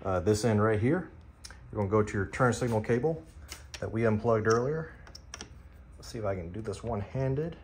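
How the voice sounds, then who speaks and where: A man's voice: lowish voice, slight background noise. A man talking viewers through a motorcycle parts install in a loose, rambling, self-deprecating way, as a casual how-to vlogger in a garage.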